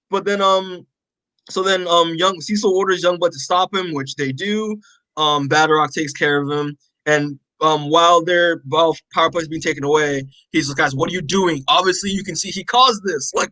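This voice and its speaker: A man co-hosting a podcast, casually recapping a comic issue with lots of fillers and quick acted-out character lines. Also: a little high, bright, forceful tone, dry recording, rough recording. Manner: rambling, many fillers, acts out characters' lines. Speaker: podcast co-host.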